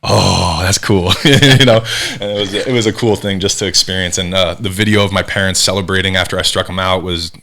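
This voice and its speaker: A man in his thirties from New Jersey, a former ballplayer guest telling animated stories in casual chat. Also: deep voice. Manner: fast, animated storyteller acting out quotes. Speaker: podcast guest, former baseball pitcher.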